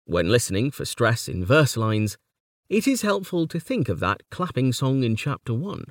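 A man giving a slow, measured reading of a textbook on poetry. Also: mid-range voice, big pitch swings, no room sound, studio quality.

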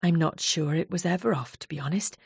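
A woman's voice: low voice, brisk, vocal fry, a little mellow, husky, dry recording, studio quality, full character voice. A woman voicing a tearful, self-critical woman of forty in an audiobook. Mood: bitter.

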